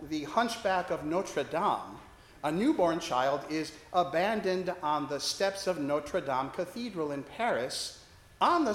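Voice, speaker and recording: A man's voice: fairly high pitch, roomy sound. A man preaching a sermon as a priest, telling a story with wry, self-deprecating humor.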